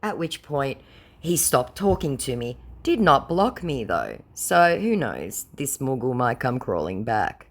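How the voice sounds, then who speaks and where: A low-voiced Australian woman who reads out and recounts chat messages with biting sarcasm. Her pitch swings widely as she mocks. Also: big pitch swings, unhurried. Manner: sarcastic and mocking. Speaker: scambaiter and host.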